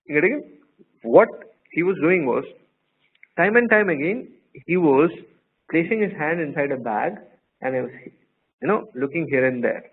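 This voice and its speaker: A man's voice: fairly high pitch, lively intonation, moderate pace, pauses often, breathy edge. A man teaching a law class online, telling playful stories and quizzing his students. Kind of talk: live online class lecture. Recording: tinny phone-like line, faint noise.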